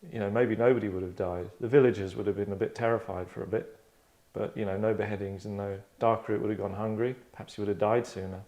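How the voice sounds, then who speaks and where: A man's voice: on the low side, steady tone, quick pace, hardly any pauses, darkish tone. A middle-aged man hosting a casual discussion, rambling and breaking off his sentences to act out lines. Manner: rambling, self-interrupting, acts out quotes. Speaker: writer and podcast host.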